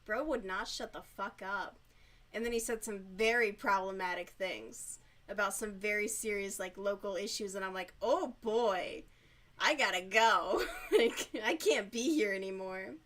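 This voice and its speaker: A woman streamer chatting casually while she crochets, giggly, youthful-sounding and quick to swear. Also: medium pitch, fairly bright tone.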